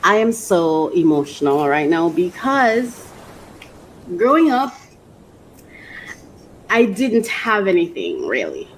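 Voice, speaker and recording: A woman vlogging casually, who swings from gushing squeals and laughter to a softer, reflective way of talking about her feelings. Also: mid-range voice, slight background noise, rough recording. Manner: reflective and soft-spoken when sharing personal feelings. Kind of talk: casual emotional vlog.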